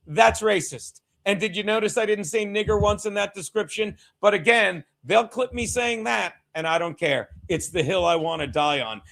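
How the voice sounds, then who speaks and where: A man hosting a casual sports watchalong stream, talking excitably with profanity and joking asides to his chat. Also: sits high, normal speed, vocal fry, hardly any pauses, rough recording. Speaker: livestream host.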